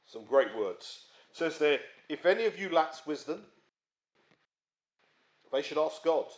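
A man's voice: on the high side, expressive, measured pace. Man preaching a conversational sermon. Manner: conversational, frequent tag questions.

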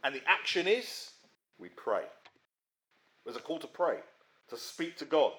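A man preaching a sermon in a conversational way, often checking in with his listeners and swinging between emphatic rises and quiet drops. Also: a little high, very animated, measured pace. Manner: conversational, frequent tag questions.

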